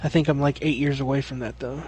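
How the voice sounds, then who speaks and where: A man's voice: mid-range voice, fairly even intonation, quick pace, darkish tone, slightly rough. A man who works as a plumber, telling a long job story in casual, profane chat on a podcast. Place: remote podcast call.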